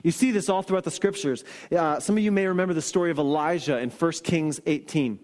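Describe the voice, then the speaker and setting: A man preaching a sermon as a pastor, telling stories and dropping to soft, earnest emphasis on key lines. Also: fairly high pitch, brisk, in a large hall. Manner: storytelling, shifts into quoted voices and soft emphatic lines.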